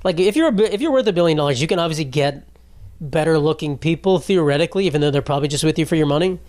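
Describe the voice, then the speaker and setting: A man's voice: on the high side, animated, very fast, a little mellow, no echo, studio quality. A man in his twenties hosting a casual solo podcast, rambling and joking with lots of profanity and "bro". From United States. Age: 20s. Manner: rambling, profane, jokey, trailing off with "bro" and "dude". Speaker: podcast host.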